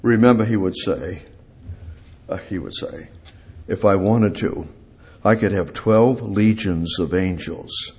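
A man preaching a sermon in a halting way, repeating phrases for emphasis, rising on key words and then dropping low. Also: darkish tone.

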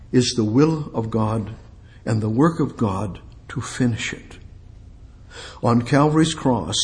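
A man teaching a bible study sermon, reading verses aloud and then commenting on them with emphatic repetition. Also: mid-range voice. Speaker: preacher teaching scripture.

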